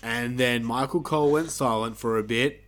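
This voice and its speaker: A man's voice: medium pitch, moderate pace. A man co-hosting a podcast, reviewing wrestling matches in a casual, sarcastic, swearing chat. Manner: animated, sarcastic, swears, laughs often. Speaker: podcast co-host.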